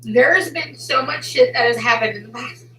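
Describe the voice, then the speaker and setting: Furious woman ranting in an echoey room. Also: normal speed. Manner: furious, profane, threatening; swings between shouting and low seething. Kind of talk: angry livestream rant.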